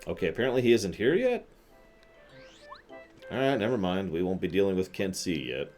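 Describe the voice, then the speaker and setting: A man's voice: low-pitched, sing-song, moderate pace, a little mellow, soft background music. A man streaming a game, chatting casually and reading viewers' comments. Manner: laid-back, chatty.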